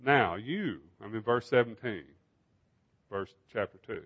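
A man with a somewhat high voice preaches with emphasis and keeps asking rhetorical questions. The recording sounds dull and lo-fi. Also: animated, a little slow. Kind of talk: sermon.

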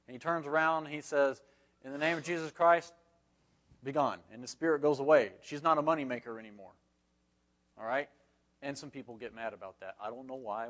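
A man's voice: a little high, muffled recording. A man leading a Bible study class, reading scripture aloud and explaining it in a folksy, conversational way with frequent asides.

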